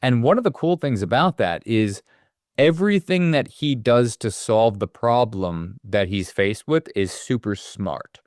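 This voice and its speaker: A man's voice: mid-range voice, unhurried, no echo, clean studio sound. A man co-hosting a movie podcast, talking casually in long, rambling, profane riffs. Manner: rambling, profane, animated asides. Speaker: podcast co-host.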